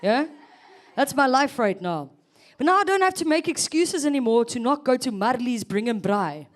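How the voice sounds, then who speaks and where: A woman's voice: sits high, animated, moderate pace. A South African woman in her thirties performing a chatty stand-up set, teasing the audience. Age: 30s. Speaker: stand-up comedian.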